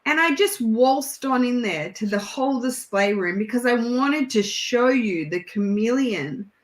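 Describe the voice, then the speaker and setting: Her voice now sits a little high as she talks at a measured pace, still the animated Australian guest on the video call, swapping stories in casual chat and laughing often. The room is echoey, and there's a little hiss or hum.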